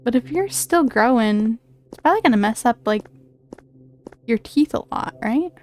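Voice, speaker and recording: A woman's voice: fairly high pitch, lively intonation, normal speed, darkish tone, slight background noise. A woman streaming a video game, talking in chatty, rambling casual commentary full of fillers.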